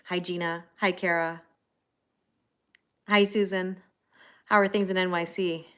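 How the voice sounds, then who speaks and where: A woman in her forties with a slightly low voice hosts a tarot livestream from home. She greets viewers one by one and drifts into chatty, rambling stories full of fillers. She sounds close to a webcam mic. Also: little pitch movement, unhurried, a bit bright, clear, resonant tone. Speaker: tarot reader hosting a livestream. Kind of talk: casual chat greeting live viewers.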